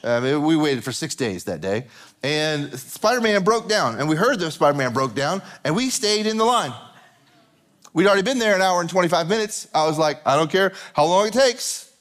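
A man's voice: a little high, sing-song, moderate pace, a bit bright. A man preaching a sermon as a pastor, conversational and repeating phrases for emphasis.

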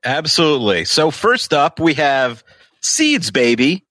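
Bright, hyped male co-host. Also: a little high, sing-song, unhurried, no room sound. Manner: jokey, hyped announcer voice. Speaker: co-host presenting prizes. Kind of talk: announcer-style product reads.

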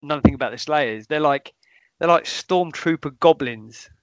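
A man's voice: fairly high pitch, normal speed, dry recording, highs cut off. A man co-hosting a film review podcast, enthusiastic and jokey, now and then swearing. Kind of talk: casual chat.

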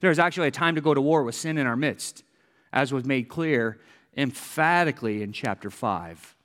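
A man's voice: mid-range voice, moderate pace, a bit bright, big-room sound. A man preaching a sermon as pastor, earnest, repeating key phrases for emphasis, with wry asides.

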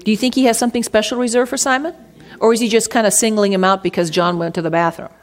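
A Bible teacher with a mid-range voice teaches from scripture conversationally, speaking fast with fairly even intonation. She reads verses aloud, then poses rhetorical questions to her listeners.

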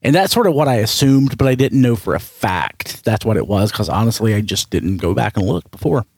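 A man with a fairly low voice that swings widely in pitch hosts a casual podcast chat. He rambles and jokes, restarts his sentences, and sounds close and dry on the mic. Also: lively intonation, fairly quick, darkish tone, husky, no echo. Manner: rambling, self-correcting, jokey. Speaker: podcast host.

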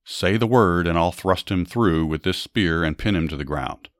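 A man's voice: sits low, moderate pace, no echo, studio quality, lightly acted. A man voicing an eager young soldier who speaks urgently. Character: eager young male soldier urging a kill.

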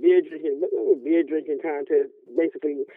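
A man's voice: a little high, steady tone, fast talker, no echo. Laid-back man on a tinny phone line. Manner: joking, rambling, fond of "you know" and "man". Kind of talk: casual chat.

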